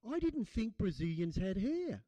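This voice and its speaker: Blokey Australian stand-up comedian. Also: male voice, high voice, sing-song, unhurried, mellow, no room sound, poor audio. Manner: rambling, blokey banter with the crowd. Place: comedy gig in a hall.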